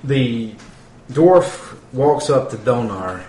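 A man's voice: mid-range voice, lively intonation, very slow, dark tone. A man narrating as game master of a tabletop game, laughing often and describing scenes. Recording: echoey room with faint noise.

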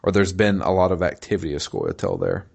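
A man in casual chat, recapping a game in a halting way with many fillers and restarts. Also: sits low, sing-song, vocal fry, darkish tone. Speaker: podcast co-host recapping a video game.

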